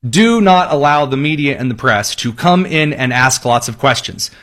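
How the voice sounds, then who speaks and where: A man voicing a whiny, pleading male foreign leader in a mocking high-pitched plea. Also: lively intonation, moderate pace, fairly bright tone, lightly acted. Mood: begging.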